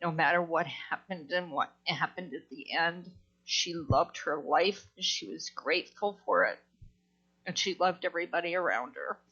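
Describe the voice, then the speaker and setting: A woman's voice: lowish voice, normal speed, bright, forceful tone, slightly rough, highs cut off. A woman giving a heartfelt memorial tribute over a video call, tearful and close to crying. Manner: emotional, heartfelt. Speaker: mourner giving a eulogy.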